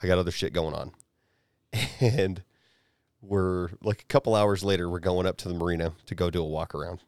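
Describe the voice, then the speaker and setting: A podcast host with a deep voice talks fairly quickly as he retells a story in casual chat, swearing often and giving animated voices to the quotes. The recording is dry and studio quality.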